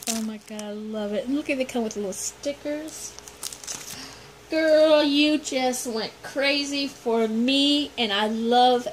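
A woman's voice: high-pitched, slow, rough recording. A middle-aged woman unboxing gifts from a swap, gushing and gasping over every item as she talks. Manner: gushing, gasping, repeats exclamations. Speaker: vlogger unboxing a gift swap. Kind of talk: excited unboxing chat. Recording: noticeable background noise.

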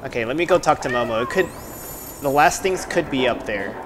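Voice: mid-range voice, lively intonation, fairly quick, background noise. A game streamer giving casual let's-play commentary, chatting and muttering asides to themself and the viewers. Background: game music.

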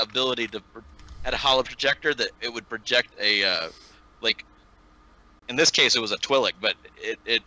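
A man playing a tabletop game, talking casually and haltingly with lots of restarts. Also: lowish voice, sharp tone, low-quality recording. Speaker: player. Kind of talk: casual chat.

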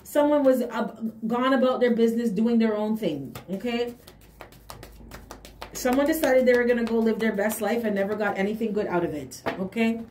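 A woman with a fairly high voice gives a casual tarot reading, emphatic and affirming, with hums of agreement between her points. The sound is echoey, as if recorded in a bare room, with faint hiss underneath. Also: moderate pace, a little mellow. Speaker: tarot reader.

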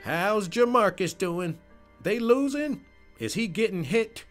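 A man's voice: high voice, measured pace, soft background music, voice pushed up. A man voicing a worried, churchgoing old grandmother who frets and pleads over her grandson. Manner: fretful, pleading, prayerful.

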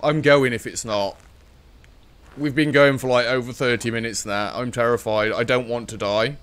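A man's voice: medium pitch, fairly bright tone, a little hiss or hum. A man giving nervous, joking commentary on a solo horror game, now and then taunting the ghost. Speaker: gaming streamer.

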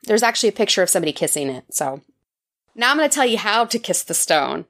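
A woman's voice: mid-range voice, very animated, quick pace, fairly bright tone. A woman co-hosting a podcast, casually summarizing articles in a playful way and laughing often. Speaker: podcast co-host.

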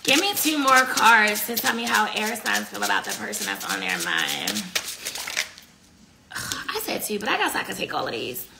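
A woman's voice: medium pitch, big pitch swings, normal speed, creaky, noisy background. Blunt, chatty woman tarot reader. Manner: blunt, profane, chatty, talks to chat viewers. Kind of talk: casual live tarot reading.

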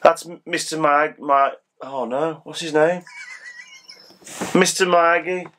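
A man's voice: on the high side, steady tone, takes it slowly, a bit bright. A middle-aged man in casual chat as co-host, rambling and teasing, with a slight cold.

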